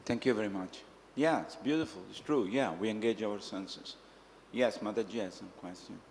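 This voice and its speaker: A man's voice: lowish voice, moderate pace, gravelly, a little mellow, slight background noise. Man teaching in a reverberant hall. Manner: earnest storytelling, acting out quoted voices. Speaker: speaker. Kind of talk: scriptural class answering questions.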